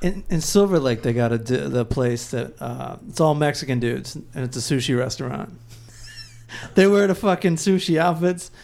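A man's voice: mid-range voice, lively intonation, normal speed, gravelly, a little mellow. A man guest in a casual podcast chat, laid-back and agreeable, telling short anecdotes.

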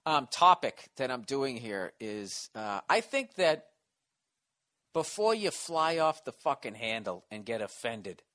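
A man's voice: mid-range voice, big pitch swings, a little slow, sharp tone. A man with an East Coast American accent hosting a solo comedy podcast, ranting in a profane, sarcastic, rambling way. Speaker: podcast host.

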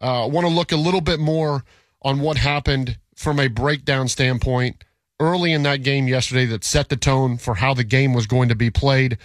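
A man's voice: medium pitch, fairly even intonation, moderate pace, no echo. A man co-hosting sports talk radio, arguing his points emphatically and repeating himself to press them.

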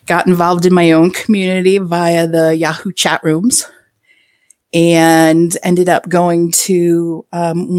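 Slow-talking frank woman, lowish voice. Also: darkish tone, no echo, studio quality. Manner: frank, playful, laughs often. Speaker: podcast guest. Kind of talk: casual interview chat.

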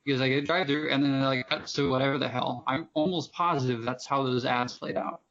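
A man joins a podcast as a guest and talks at length, drifting from point to point. His voice has a gravelly, creaky edge. The sound is muffled and lo-fi. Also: mid-range voice, fairly even intonation, fast, fairly bright tone. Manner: talkative, digressive. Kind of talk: casual podcast chat. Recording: dull lo-fi sound.

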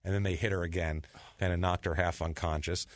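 A man's voice: low voice, steady tone, a little fast, no echo. A man hosting a podcast, retelling a crime story in a loose, casual, profane way with rambling asides. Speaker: podcast host.

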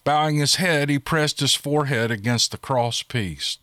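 A man giving steady, scripted narration of a monster-hunting audiobook. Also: medium pitch, normal speed, no echo, studio quality.

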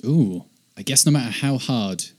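A man playing a quiz in casual chat, upbeat and quick to agree. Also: mid-range voice, lively intonation, darkish tone, slightly rough. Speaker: quiz player.

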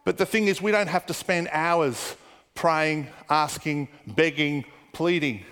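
A man preaching a sermon as a pastor, telling stories and dropping into hushed, muttered asides when he quotes people. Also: on the high side, measured pace, big-room sound.

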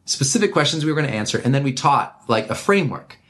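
A man speaking as an interview guest, his voice sitting at an ordinary middle pitch. He talks emphatically and with animation, laying out advice and counting off his points one by one. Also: sing-song, fast talker, fairly bright tone. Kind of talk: energetic conversational advice.

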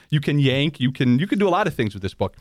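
A man's voice: a little high, fast talker. A man hosting a talk radio show, sarcastic and opinionated, often laughing as he talks. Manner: sarcastic, animated, laughs while talking.

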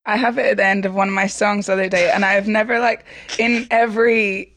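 A woman's voice: medium pitch, fairly even intonation, fast, fairly bright tone, slight background noise. A woman from Edinburgh with a Scottish accent, a pop singer chatting candidly as an interview guest. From Scotland, Edinburgh. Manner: candid, chatty, laughs easily. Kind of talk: casual interview chat.

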